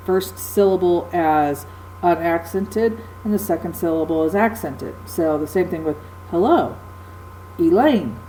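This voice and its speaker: A woman's voice: fairly low pitch, mellow, slight background noise, low-quality recording. A woman teacher giving a recorded lecture, explaining patiently with frequent ums and uhs.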